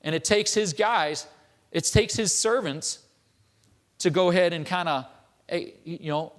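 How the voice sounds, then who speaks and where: Man, church elder, sermon, conversational, rhetorical questions, slightly high voice. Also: measured pace, fairly bright tone.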